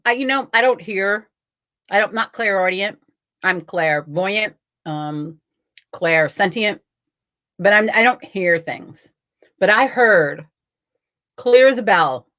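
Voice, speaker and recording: A middle-aged woman talks casually on a live stream, blunt and quick to swear. Her pitch leaps and dips a lot as she tells her story. She reads comments aloud between thoughts. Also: bright, forceful tone. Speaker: host of a live tarot card stream.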